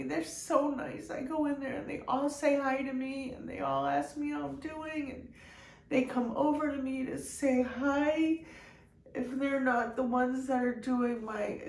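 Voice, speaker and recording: A woman hosting her own video diary, speaking in an emotional, halting way with many restarts and fillers. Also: high voice, gravelly, darkish tone. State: tearful at times. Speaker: channel host. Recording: echoey room, somewhat far from the mic, faint background noise.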